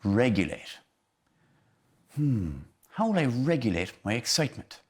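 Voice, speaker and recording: A man teaches children about emotions in a playful, animated way. His pitch leaps up and down as he acts out each feeling. He sits at a middling pitch for a man. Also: measured pace.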